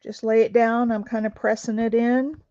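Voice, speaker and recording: This craft-video host has a fairly high, warm voice with a level tone and moderate pace. She talks casually and asks questions while working, and the recording is dry, dull and lo-fi.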